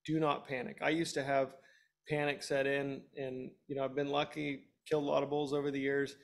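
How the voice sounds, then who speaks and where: A man's voice: medium pitch, little pitch movement, brisk, vocal fry. A man in his thirties, a hunting guest expert, giving practical, direct advice in an instructional webinar.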